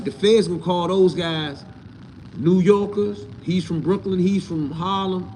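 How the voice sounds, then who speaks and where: A man's voice: on the high side, a little hiss or hum. A man hosting his own channel, answering live chat in a casual, blunt and profane way, often mocking the commenters. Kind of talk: casual livestream talk.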